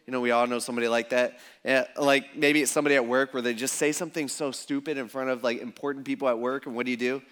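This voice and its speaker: A man's voice: medium pitch, steady tone, fast, few pauses, fairly bright tone, clean tone. Casual, joking male preacher. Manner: casual, conversational, jokey preaching. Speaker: pastor. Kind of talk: sermon.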